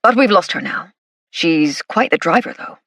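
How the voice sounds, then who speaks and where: A woman's voice: fairly low pitch, lively intonation, normal speed, creaky, a bit bright, breathy edge, no echo, voice pushed down, full character voice. Woman voicing a courteous male police inspector. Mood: polite. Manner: formal, politely deferential.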